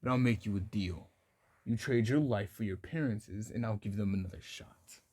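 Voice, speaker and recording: A man voicing a ruthless young male ghoul ninja leader who makes slow, measured threats. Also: fairly low pitch, dark tone, no echo, natural voice. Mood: menacing.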